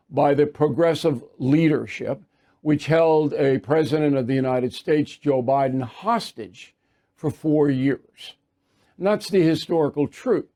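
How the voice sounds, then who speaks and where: A man's voice: a little high, warm tone. A man delivering an emphatic opinion monologue as a commentator, hammering points through repetition with sarcastic asides.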